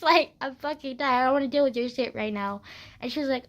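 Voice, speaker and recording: A woman's voice: sits high, fairly quick, a bit bright. A teenage girl vlogging while congested with phlegm, retelling her school day in a dramatic rant full of swearing. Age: teens. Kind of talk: casual rant.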